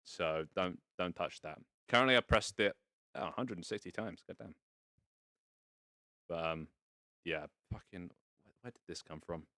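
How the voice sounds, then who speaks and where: A man's voice: low-pitched, normal speed, pauses often, bright, forceful tone, dry recording, clean studio sound. A man casually hosting a live stream from inside virtual reality, rambling and playful with some casual swearing. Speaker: VR streamer hosting a fashion show. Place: indoors in a home VR setup.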